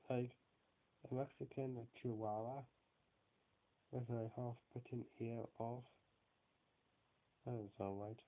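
A man giving a casual spoken review of film characters, rambling and hesitant with many fillers and restarts. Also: medium pitch. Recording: tinny phone-like sound.

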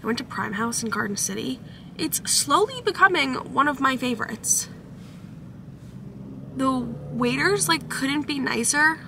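A woman's voice: high voice, expressive, measured pace, gravelly, sharp tone. Chatty young woman vlogging from her car. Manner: chatty, upbeat, lots of "like" fillers. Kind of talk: casual vlog chat. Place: in a car at a drive-thru. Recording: car noise in the background.

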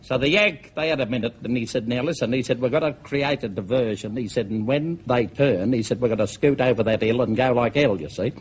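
A man's voice: mid-range voice, a little fast, few pauses, husky. A man with an Australian accent, a comedian telling jokes in an easygoing yarn-spinning way, full of "he said". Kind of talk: stand-up joke telling.

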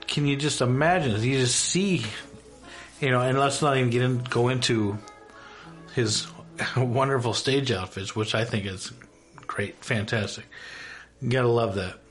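A man's voice: mid-range voice, measured pace, pauses often, soft background music. A man in a casual, enthusiastic rant, gushing and emphatic, swearing freely. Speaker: YouTuber.

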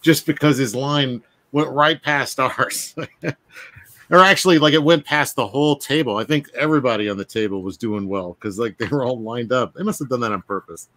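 A man co-hosting a casual chat among artists, easygoing and quick to laugh. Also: medium pitch, a bit bright, no echo. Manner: laughs often, easygoing reactions. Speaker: co-host artist.

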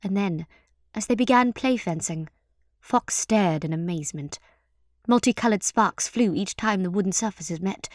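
A woman reads aloud from her own fantasy novel at an even, middle pitch. Her delivery is measured and careful, the way an author shares her story. The recording is close and dry, with no room sound around her voice. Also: no room sound. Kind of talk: scripted narration.

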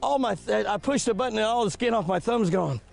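An older man hosting a fishing show from a boat, talking in a folksy, chatty way and exclaiming loudly as fish strike. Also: high-pitched, fast, gravelly. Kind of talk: excited on-the-water commentary.

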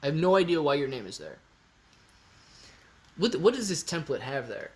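A slightly high-voiced man at a normal pace handles a casual livestream Q&A. He reads viewers' comments, becomes excited, talks his thoughts through and circles back to repeat himself.

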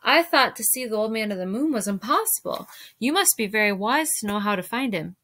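A sad, gentle male dragon who cannot fly speaks slowly and formally as a woman reads his lines. The tone stays bright in a storybook reading. His speech is mournful and polite. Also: a little high, expressive. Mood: sorrowful.

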